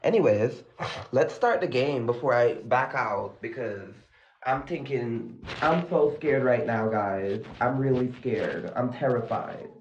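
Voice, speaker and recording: A man's voice: medium pitch, expressive, takes it slowly, slight background noise. A man hosting a casual live stream from a dim room at home at night, talking dramatically and nervously and gushing at his viewers through a phone propped against a mirror. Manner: dramatic, jittery, gushes at viewers. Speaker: livestream host. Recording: echoey, dull lo-fi phone audio.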